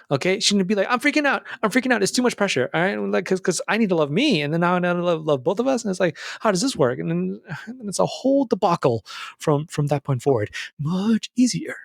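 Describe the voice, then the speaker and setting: A young man hosting a podcast, giving a casual, earnest motivational talk that addresses the listener as brother and jumps up in pitch when he stresses a point. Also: vocal fry, dry recording, clean studio sound. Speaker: podcast host. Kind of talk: motivational monologue.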